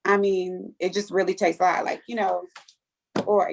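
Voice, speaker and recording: A woman guest telling animated stories in a casual podcast chat. Her voice has a gravelly, fry-edged texture. She acts out the lines of the people in her stories. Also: on the low side, normal speed.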